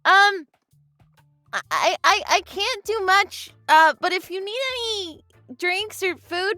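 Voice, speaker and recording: A woman playing a tabletop role-playing game, reacting with excitable jokes and asking about her character's spells. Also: very high-pitched, slow pace, no room sound, faint music behind. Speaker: player.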